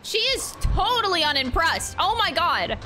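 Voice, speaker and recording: A woman streaming a video game, chatting casually and excitably with her viewers and reacting out loud to the game. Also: very high voice, over music. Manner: excitable, talks fast to her chat, frequent exclamations. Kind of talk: casual gameplay commentary.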